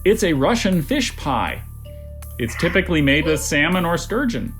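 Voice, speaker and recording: An adult reading words, definitions and joke sentences as a spelling bee pronouncer over a video call, in a deadpan manner. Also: mid-range voice, normal speed, soft background music.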